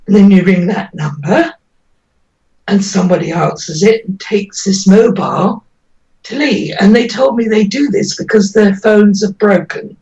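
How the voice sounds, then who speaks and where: Woman interviewee, emotional and pleading, slow delivery, far from the mic. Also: mid-range voice, a little mellow. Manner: earnest, pleading, voice breaking with emotion. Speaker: interviewee, mother. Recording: dull lo-fi audio, distant from mic.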